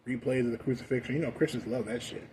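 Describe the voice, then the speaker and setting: A young man ranting casually while high, profane and rambling, with loud bursts that drop to mumbling. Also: fairly even intonation, fast, a little hiss or hum. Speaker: vlogger. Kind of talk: casual rant.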